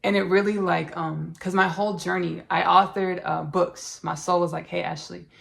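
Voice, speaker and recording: A woman hosting a podcast, talking earnestly in a spiritual monologue, halting and repeating herself with many fillers. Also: fairly low pitch, fairly even intonation, vocal fry. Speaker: podcast host.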